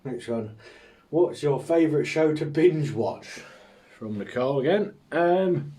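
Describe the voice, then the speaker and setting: A man's voice: on the high side, lively intonation, measured pace, warm tone. A man hosting a live show and answering viewer questions in casual chat, sarcastic and ranting, with plenty of swearing.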